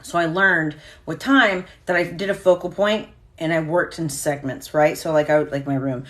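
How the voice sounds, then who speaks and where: A woman's voice: low-pitched, fairly even intonation, moderate pace, a bit bright. A woman hosting a casual live stream, talking candidly and swearing freely as she reacts to viewer comments.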